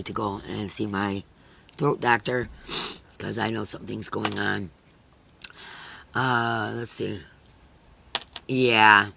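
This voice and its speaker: A middle-aged woman chats casually with viewers on a crochet live stream. Her voice is hoarse and husky, with a gravelly edge under a bright tone. She talks earnestly and emotionally, filling her sentences with "you know.". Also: very deep voice. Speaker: crochet channel host.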